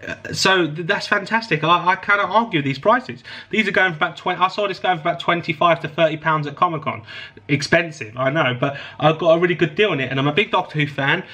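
A man's voice: fairly high pitch, fast, sharp tone. A man hosting his own channel, chatting enthusiastically to viewers as he unboxes a parcel. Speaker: host. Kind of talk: casual unboxing chat.

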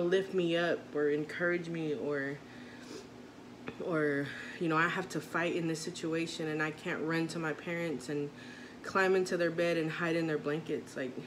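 A woman in her thirties, a mother vlogging, talking in a rambling, heartfelt way with many restarts. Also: low voice. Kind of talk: casual chat to camera. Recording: noisy background.

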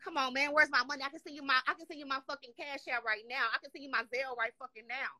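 Woman from Dallas, high bright voice, rapid profane rant, dry close sound. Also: fairly even intonation, dry recording. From Dallas, Texas. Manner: profane, heated, repeats "you know what I'm saying". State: upset. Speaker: guest complaining on a live show. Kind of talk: angry rant.

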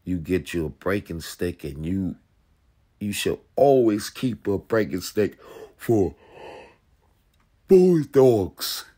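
A young man with a very deep, low voice delivers a blunt, profane rant in street slang. He talks slowly and deliberately. The sound is dry and close, with no room echo. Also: lively intonation, mellow. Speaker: dog channel host. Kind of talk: casual commentary reacting to a video.

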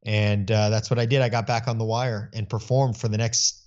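A middle-aged man speaking earnestly in an interview, telling stories with animated voicing of his own thoughts. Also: fairly low pitch, moderate pace, dull audio. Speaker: guest. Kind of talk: conversational interview.

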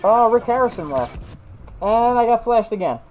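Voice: mid-range voice, animated, moderate pace, a little mellow, rough recording. A let's-play host who rambles through stories while playing, often restarting sentences. The talk is casual and chatty. Faint game music runs underneath. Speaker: gaming video host.

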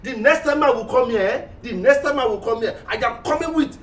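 An actor playing a threatening middle-aged moneylender in a sitcom, with a Nigerian accent and a loud, sarcastic, nagging manner. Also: male voice, extremely high pitch, fairly quick, a little hiss or hum. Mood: angry. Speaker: moneylender demanding repayment. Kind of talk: sitcom acting. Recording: echoey room heard from a distance.

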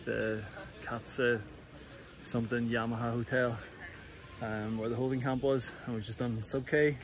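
A man's voice: medium pitch, level tone, a little slow, low-quality recording. A young Irish man chatting casually through a travel vlog, rambling with fillers and asides. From Ireland. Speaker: rower vlogging his trip. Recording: clear background noise.

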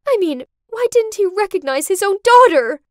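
A woman voicing a soft, protective middle-aged mother in an animated story. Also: very high voice, normal speed, no room sound, studio quality. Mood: pleading.

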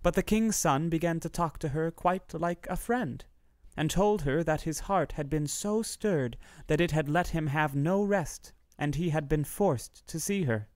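A man reads a fairy tale aloud in a steady, measured way. His voice sits a bit high for a man. The recording is close and dry, with no room sound. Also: dry recording. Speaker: narrator. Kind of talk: storybook reading.

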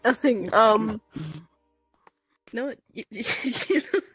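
A woman's voice: a little high, slow, a bit bright, slightly rough, no echo, faint music behind, heavily acted, poor audio. A woman playing a giggly young woman who gets flustered and dodges questions about her crush, in a fan audio drama. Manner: giggly, evasive, deflecting with food.

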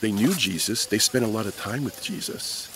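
A man teaching Sunday school, telling a Bible story to children in an animated way and checking in with them. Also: fairly low pitch, normal speed, slight background noise. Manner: animated storyteller who keeps checking in with the kids.

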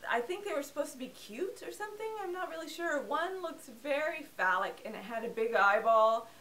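Young female film-review host, sarcastic and chatty, slightly high voice, recorded a little off-mic. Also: lively intonation, brisk, fairly bright tone. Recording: voice a bit distant from the mic.

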